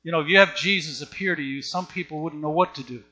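A man's voice: on the high side, quick pace, pushed and bright. A man preaching a sermon with an emphatic, repetitive cadence.

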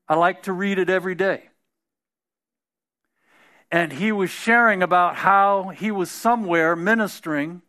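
A man's voice: sits high, a bit bright. A man preaching a sermon in a conversational way, often restarting phrases and building to emphatic peaks.

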